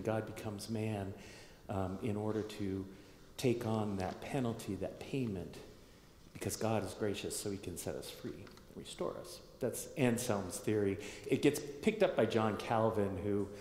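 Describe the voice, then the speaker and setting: A man's voice: on the low side, a little mellow. A man giving a conversational sermon to his congregation, thinking aloud, restarting phrases and checking in with the listeners. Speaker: pastor. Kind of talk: sermon teaching. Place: church sanctuary. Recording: echoey hall with long reverb.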